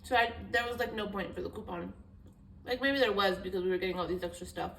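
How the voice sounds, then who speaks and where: A woman's voice: mid-range voice, steady tone, fast, a bit bright, recorded from a distance. A young woman vlogger talks straight to camera in a loose, rambling storytime, candid and casually profane. Her voice sits a bit back from the phone mic, in a roomy, echoey space with a faint hiss underneath.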